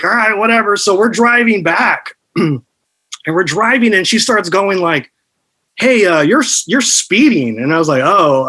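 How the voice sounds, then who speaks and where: A man in his thirties in casual podcast chat, telling an animated, crude story full of "dude". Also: high voice, poor audio.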